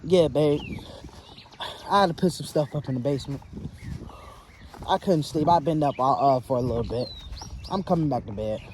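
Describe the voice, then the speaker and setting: A man voicing a scorned, vengeful wife who speaks slowly and menacingly to her cheating husband. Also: fairly high pitch, background noise, natural voice. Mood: casual cover. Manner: slow, taunting and sinister.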